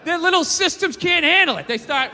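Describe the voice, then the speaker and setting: A man's voice: very high-pitched, expressive, fairly quick. A man in his forties performing a live stand-up set, ranting in a profane, incredulous way. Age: 40s. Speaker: stand-up comedian. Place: large theater stage. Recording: live theater, long reverb, crowd and noise.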